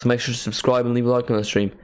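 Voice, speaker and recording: A man hosting a live match watchalong, giving casual play-by-play commentary with jokey asides and excited calls. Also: medium pitch, rapid-fire, clear, resonant tone.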